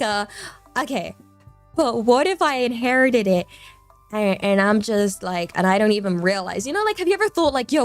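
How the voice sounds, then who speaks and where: A young woman streamer chatting casually, rambling and giggling often. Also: mid-range voice. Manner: rambling, giggly, self-deprecating.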